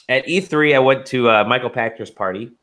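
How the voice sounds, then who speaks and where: A man's voice: mid-range voice, normal speed, sharp tone. A man co-hosting a casual podcast, rambling through stories with swearing and laughter. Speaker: podcast co-host.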